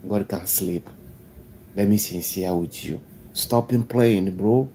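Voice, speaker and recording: A man's voice: sits low, warm tone, slight background noise. A man calling in to a live stream, hesitantly signing off. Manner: halting, hesitant. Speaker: caller. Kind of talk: casual sign-off.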